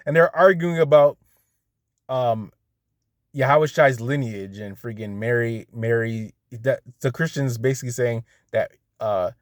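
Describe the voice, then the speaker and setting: A man on a profane, heated rant, blunt and loose in his delivery. His voice sits at a middle pitch and sounds dry and close, with no room echo. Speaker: vlogger. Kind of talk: casual rant.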